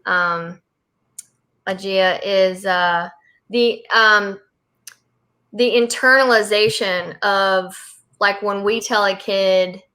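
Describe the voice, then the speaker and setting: A woman's voice: mid-range voice, fairly even intonation, takes it slowly, pauses often, pushed and bright. A woman hosting a casual parenting discussion, talking in a loose, rambling way with lots of fillers. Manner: rambling, many fillers and restarts. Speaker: host.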